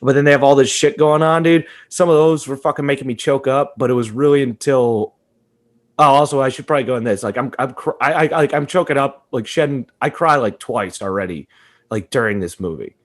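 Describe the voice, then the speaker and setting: A young man co-hosting a podcast, telling a story in casual chat, animated and profane, laughing often. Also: mid-range voice, brisk. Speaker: podcast co-host.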